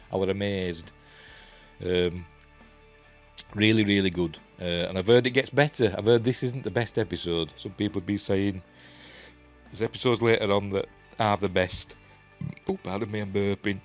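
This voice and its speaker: A TV review vlogger with a Yorkshire accent gives a casual, enthusiastic review that rambles, full of ums, fillers and restarts. His voice sits on the low side at a normal speed, with soft music playing in the background.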